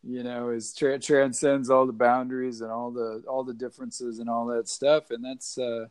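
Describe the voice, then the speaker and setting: A man's voice: medium pitch, level tone, moderate pace, smooth. A man hosting a casual interview, reflecting thoughtfully and often affirming his guest. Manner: reflective, agreeable, many short affirmations. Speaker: host.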